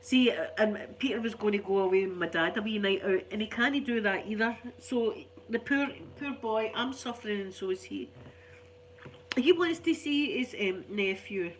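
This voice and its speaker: A woman's voice: mid-range voice, normal speed. Brief: older Scottish woman, stuffy cold voice, rambling chatty delivery, faint hum behind. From Scotland. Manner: chatty, rambling, laughs often. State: stuffy, unwell. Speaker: ASMR channel host. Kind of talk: casual chat to viewers.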